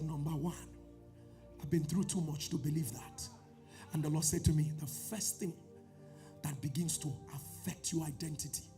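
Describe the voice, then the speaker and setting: A man with a Nigerian accent preaching a sermon, swinging from loud shouts to low murmurs in a sing-song cadence. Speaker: pastor.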